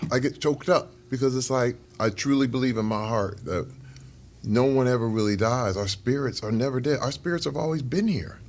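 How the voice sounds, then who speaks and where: A middle-aged man with a mid-range, darkish voice speaks at normal speed. He's an interview guest talking over a meal, earnest and reflective, chuckling now and then.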